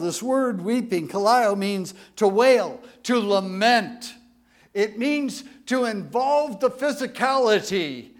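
Lively high-voiced preaching man. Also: takes it slowly. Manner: emotional, swings between hushed and emphatic; asks the congregation for a show of hands. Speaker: pastor. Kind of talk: sermon.

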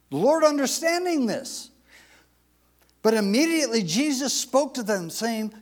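High-voiced guy preaching slow, voice swoops up and down a lot. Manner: expressive preaching, repeats phrases, reads scripture aloud. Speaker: pastor. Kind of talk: sermon.

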